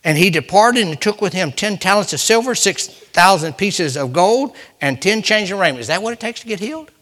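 Reading and retelling scripture, a male preacher alternates between loud, urgent delivery and quiet, near-whispered asides. He speaks in an expressive, high voice, a little on the fast side.

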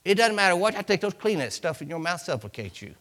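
A man preaching to his church, his voice sitting a touch high for a man. He talks to the congregation in a loose, chatty way, acting out little scenes and calling out hallelujahs as he goes. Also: very animated, fast talker, fairly bright tone. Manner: preachy, conversational, with acted-out asides and hallelujahs. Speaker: pastor. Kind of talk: sermon.

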